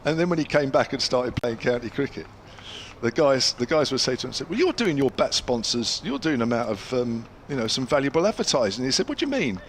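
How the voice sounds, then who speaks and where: A man's voice: mid-range voice, expressive, fairly quick, a little hiss or hum. An older English man commentating on cricket ball by ball, a former county player telling anecdotes between deliveries with a chatty storyteller's manner.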